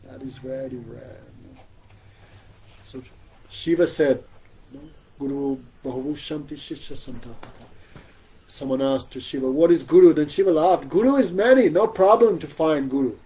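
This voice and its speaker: A man's voice: medium pitch, moderate pace, dark tone, a little hiss or hum, poor audio. A man giving a spiritual scripture class, telling stories with frequent chuckles and rhetorical questions. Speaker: spiritual teacher.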